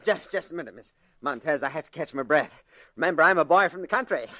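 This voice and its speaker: A man's voice: on the high side, lively intonation, fast, bright, forceful tone, no room sound, clean studio sound. An actor playing a detective disguised as a chatty, folksy country hardware man in a 1940s radio drama. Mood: breathless, jolly.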